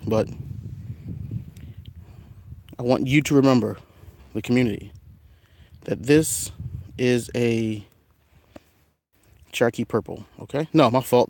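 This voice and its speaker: A man's voice: medium pitch, normal speed, long pauses, a little mellow, dry recording. A young man chatting casually in his outdoor garden while filming on a phone, rambling about his plants and talking to his cats. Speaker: gardening vlogger. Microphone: phone camera.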